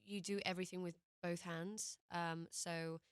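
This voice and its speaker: A woman's voice: on the low side, flat delivery, unhurried, clear, resonant tone, no echo. A British woman, a singer, chatting casually as a guest in a radio studio interview, hesitant with lots of ums and little laughs.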